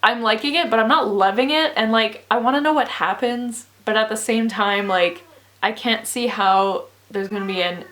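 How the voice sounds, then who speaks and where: A woman's voice: medium pitch, moderate pace, a bit bright. A sleepy, exhausted young woman chatting casually in a book vlog, rambling with lots of "like" and frequent laughs. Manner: rambling, filler-heavy, laughs often. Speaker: book vlogger.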